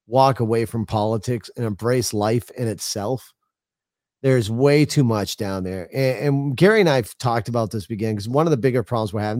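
A man's voice: mid-range voice, a little mellow, no room sound. Brief: middle-aged New man, loose rambling podcast co-host, dry close sound. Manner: loose, rambling storytelling with frequent laughs and swearing. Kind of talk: casual chat.

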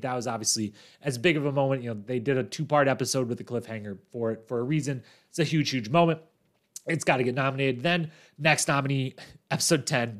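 A man hosting a podcast, recapping a reality competition season in a chatty, animated storytelling way with quick asides. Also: mid-range voice. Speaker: podcast host.

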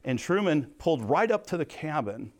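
A middle-aged man teaching a sermon in earnest, storytelling fashion, moving between soft asides and emphatic points. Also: fairly high pitch, very animated, normal speed. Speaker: Bible teacher.

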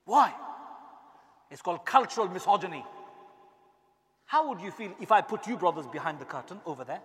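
A man delivering an impassioned sermon as an imam, swinging from quiet asides to shouted rhetorical questions. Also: high voice, lively intonation, quick pace, pauses often. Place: mosque hall. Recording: long reverb in a large hall.

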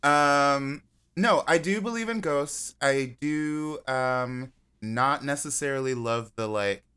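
A man guesting on a podcast in casual chat, joking and rambling in an animated way. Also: mid-range voice, takes it slowly, clean tone.

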